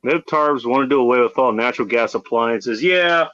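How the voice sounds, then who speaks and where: Rambling and profane, a Pacific Northwest man chats with a caller and his viewers on a casual livestream captured in dull lo-fi audio. He speaks at a normal pace in a medium-pitched, slightly bright voice.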